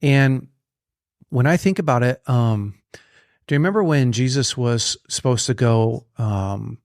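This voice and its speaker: A man's voice: medium pitch, unhurried, darkish tone, no echo, studio quality. A man telling a faith story in a casual, earnest conversation, often restarting his phrases.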